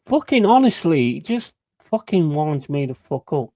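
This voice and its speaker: A man's voice: a little high, sing-song, moderate pace, no room sound. A man doing live watch-along commentary of a football match, ranting, swearing heavily and chatting to his viewers. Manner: heavy swearing, ranting and frustrated; banters with chat and gives shout-outs.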